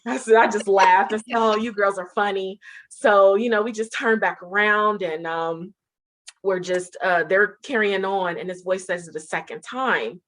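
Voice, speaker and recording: A woman telling how she met her partner in a casual interview, animated and laughing as she goes. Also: mid-range voice, moderate pace. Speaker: interview guest.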